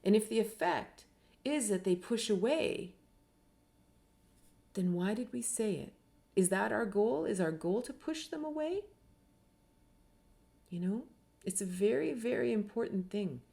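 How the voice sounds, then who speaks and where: A woman's voice: medium pitch, expressive, a little slow, vocal fry, pauses often, dark tone. A middle-aged woman giving a reflective teaching talk on spirituality, earnest and full of rhetorical questions. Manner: earnest, uses many rhetorical questions and tags with "right?".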